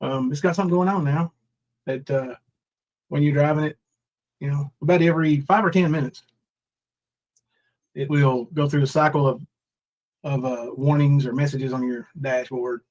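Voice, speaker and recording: A man's voice: a little high, steady tone, normal speed, pauses often, darkish tone, poor audio. A man in his forties hosting a casual livestream, rambling through his troubles and reading viewers' names from the chat. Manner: rambling, reads chat names aloud, mock crying bits. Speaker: livestream host.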